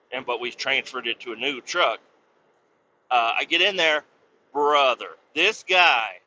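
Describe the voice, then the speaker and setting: A man's voice: medium pitch, sharp tone. A man hosting a podcast, telling a rambling, profanity-laced story about his work day. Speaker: podcast host. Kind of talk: casual storytelling. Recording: slightly dull lo-fi sound with faint noise.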